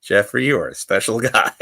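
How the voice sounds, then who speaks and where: A man's voice: mid-range voice, gravelly, fairly bright tone, slightly rough, dry recording, clean studio sound. A man hosting a casual music show, chatting and joking while giving announcements. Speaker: host. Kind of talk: casual radio show chat.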